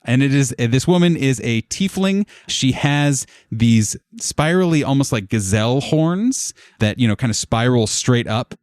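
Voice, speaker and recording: A man running a tabletop game as game master, describing scenes in a relaxed, rambling way with frequent fillers. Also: mid-range voice, a little slow, hardly any pauses, no room sound, clean studio sound.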